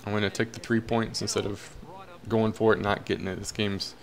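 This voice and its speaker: A man's voice: fairly low pitch, little pitch movement, a little fast. A young man casually commentating his own football video game, cheering and groaning at the plays. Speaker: gaming commentator.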